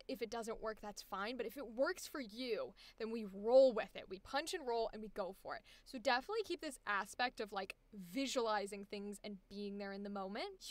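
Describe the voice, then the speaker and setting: A woman's voice: fairly high pitch, a bit bright, dry recording. A woman coaching a voice actor live, enthusiastic and encouraging as she gives feedback. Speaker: voice acting coach.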